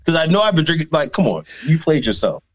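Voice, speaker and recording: A man's voice: fairly high pitch, very animated, fast, muffled recording. A man co-hosting a podcast in a loose, profane casual chat, laughing often as he talks.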